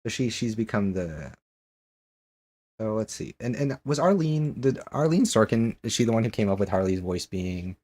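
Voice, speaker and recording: A man's voice: fairly low pitch, lively intonation, normal speed, warm tone, husky. A man streaming a game and chatting casually with viewers, rambling with lots of restarts and questions.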